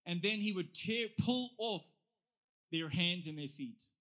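A male preacher with a high, bright voice delivers a sermon. He is lively and casual, and he throws questions at his listeners with an animated, chatty energy. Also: a little slow. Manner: lively, conversational, asks the audience questions.

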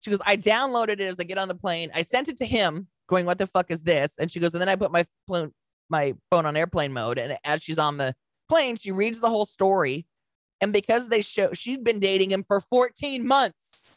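A woman co-hosting a podcast in casual chat, mid-pitched and recorded dry and close. She tells a story with energy, slipping into the voices of the people in it and swearing freely along the way. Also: moderate pace, no echo. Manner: animated storyteller acting out quotes, swears freely. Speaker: podcast co-host.

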